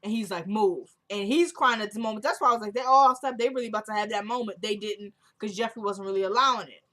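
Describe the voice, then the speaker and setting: Woman vlogger, mid-pitched, casual chatty recap delivery that quotes the characters' dialogue. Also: fast, pushed and bright. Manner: retells scenes by quoting characters' dialogue; chatty, laughs while recapping.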